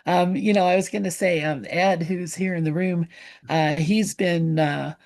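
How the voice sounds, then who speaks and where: A woman chats casually in a low, mellow voice. She pauses often and fills the gaps with "um" and "uh" as she gathers her thoughts. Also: fairly even intonation. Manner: hesitant, many fillers. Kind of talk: casual chat.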